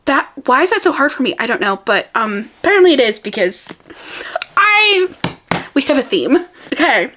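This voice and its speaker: A woman's voice: high-pitched, big pitch swings, normal speed, background noise. Bubbly rambling young woman book vlogger. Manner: bubbly, rambling, self-deprecating, laughs often. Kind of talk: casual chatty book review.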